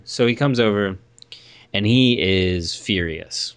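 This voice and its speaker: Young man, very deep voice, dry close sound, rambling casual storyteller. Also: slow, clear, resonant tone, dry recording. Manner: rambling, animated storytelling with asides. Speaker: guest storyteller. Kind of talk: casual chat.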